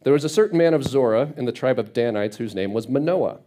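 A man teaches a Bible passage in a casual, conversational way, reading verses and then retelling the scripture in everyday speech. His medium-pitched voice is animated and warm, moving at a quick pace.

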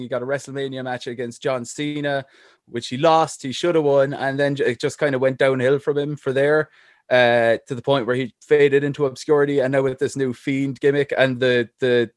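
A man's voice: mid-range voice, no echo. Young guy, wrestling journalist, blunt takes, laughs a lot, mid voice, dead dry sound. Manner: blunt opinions, quick laugh. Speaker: wrestling journalist, podcast guest. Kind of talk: casual chat.

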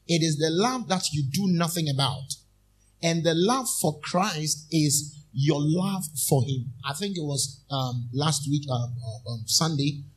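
A male preacher delivers a sermon at a deliberate, unhurried pace. His voice is slightly husky and pitched a little above the usual for a man. He reads scripture line by line in a church. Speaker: minister.

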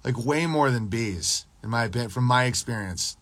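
A man hosts a loose livestream podcast, swearing freely and boasting as he rambles from one thought to the next. His voice is husky and a little rough at the edges. The sound is dry and close, with no room echo. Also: mid-range voice, animated, normal speed, a bit bright. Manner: crude, profane, rambling, boastful. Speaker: podcast host reading live chat. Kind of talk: casual livestream rant.

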